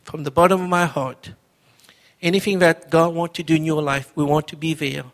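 A man's voice: on the high side, steady tone, normal speed. A middle-aged man preaching as a pastor, telling his testimony in an earnest, conversational way, often repeating words. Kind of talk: testimony sermon.

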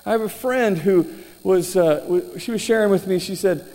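A male preacher telling stories in a sermon, animated, with halting restarts. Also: high voice. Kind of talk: sermon storytelling. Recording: reverberant hall, faint noise.

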